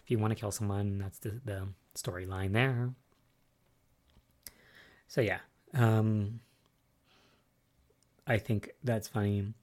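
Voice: mid-range voice, slow pace, long pauses. A podcast host recapping soap episodes in a casual solo chat, rambling and musing aloud with lots of fillers. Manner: excitable and spoiler-wary.

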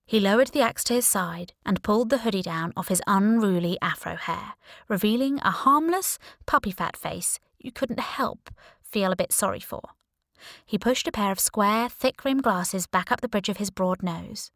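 A woman reading a first-person thriller aloud in a wry, sardonic voice, quick to mock herself. Her mid-pitched voice sits close and dry on a studio mic, with no room around it. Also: no room sound. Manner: wry, sardonic, lively storytelling. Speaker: audiobook narrator. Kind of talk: first-person audiobook narration.

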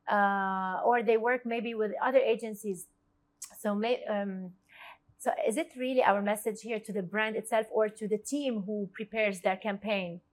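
A woman hosting a podcast who backs up her guest with short affirmations and asks hesitant, searching questions. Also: medium pitch. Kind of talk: casual podcast interview.

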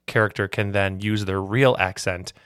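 Chatty man with a low voice. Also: fairly even intonation, a bit bright, smooth, dry recording, studio quality. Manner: chatty, digressive, quick laughs. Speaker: podcast co-host. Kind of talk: casual chat.

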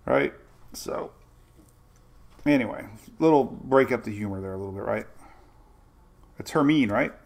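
At a measured pace with long pauses, an older man with a gravelly, creaky, darkish-toned mid-range voice talks through the weather. As host of a casual stream, he rambles and wanders into homey asides between forecasts.

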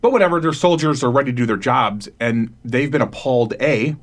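A man's voice: mid-range voice, fairly quick. Rambling man co-hosting a podcast. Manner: rambling, laughing, acts out quoted voices. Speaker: podcast co-host. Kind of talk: casual podcast chat.

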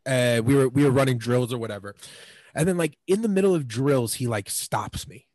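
A man's voice: medium pitch, a little fast, a little mellow, dry recording, poor audio. A man in his twenties telling stories as a podcast guest, rambling with lots of fillers. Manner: rambling, filler-heavy, lots of "like" and "you know". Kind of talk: casual storytelling.

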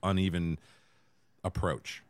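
A man's voice: low-pitched, little pitch movement, slow pace, clean tone, dry recording. A man co-hosting a podcast, chatting casually and making dry, wry remarks. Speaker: podcast co-host. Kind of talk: casual chat.

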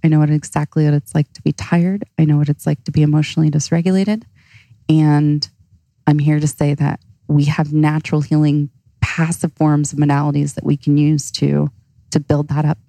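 Deep gravelly earnest woman coach. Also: flat delivery, moderate pace, dark tone, no echo, rough recording. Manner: earnest, reflective, restarts phrases. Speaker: ice bath coach. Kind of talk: casual interview talk.

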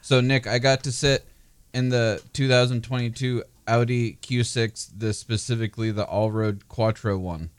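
A man's voice: medium pitch, fairly even intonation, normal speed, smooth, dry recording. A man co-hosting a car podcast, reviewing vehicles in a playful, rambling, joking way. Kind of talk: casual joking chat.

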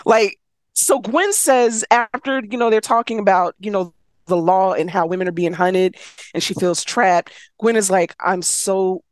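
A woman's voice: medium pitch, normal speed, dry recording. A woman co-hosting a podcast, casually retelling a story and acting out the characters' lines, swearing freely. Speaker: podcast co-host recapping a story. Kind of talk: casual chat, retelling a book with acted quotes.

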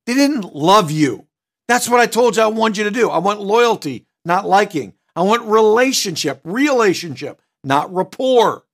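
At a moderate pace and with few pauses, a middle-aged man runs a recorded sales training seminar in a high voice with lively intonation and some vocal fry. He acts out customers by switching tone, staying direct and emphatic and dropping punchy asides.

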